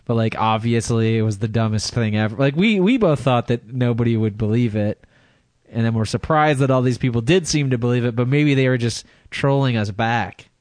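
Male podcast co-host, deadpan and dry-witted, recorded dry. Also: medium pitch, fairly quick, no room sound. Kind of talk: casual chat.

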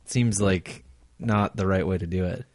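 A man's voice: low voice, steady tone, measured pace, a little mellow, no echo, studio quality. A man co-hosting a podcast, joking crudely and laughing through casual banter. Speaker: podcast co-host.

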